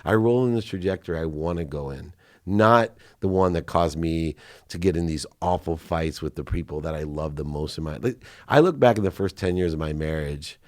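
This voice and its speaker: A man's voice: extremely low pitch, moderate pace, no echo, studio quality. A middle-aged man, a podcast guest, telling candid personal stories with feeling, choking up at times.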